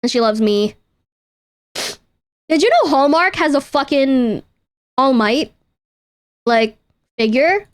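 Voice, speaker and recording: A young woman with a high, light voice chats to her livestream viewers. She rambles playfully, cuts herself off mid-sentence and swears casually as she talks. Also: animated, slow, long pauses. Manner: chatty, self-interrupting, playful, swears casually. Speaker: VTuber streamer.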